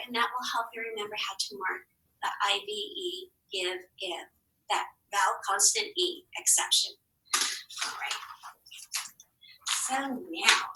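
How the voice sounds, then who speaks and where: A woman's voice: high voice, bright, forceful tone. A woman teacher leading a phonics lesson for young children, encouraging and stretching out sounds, often dropping into whispered asides. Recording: echoey room, mic at a distance.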